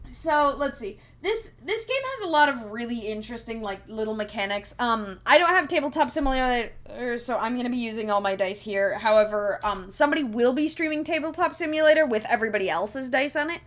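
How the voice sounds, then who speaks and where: A woman's voice: a little high, lively intonation, fairly quick, hardly any pauses, a bit bright. A woman streaming live, chatting casually with viewers in a rambling way, giggling and full of fillers while she explains a tabletop game.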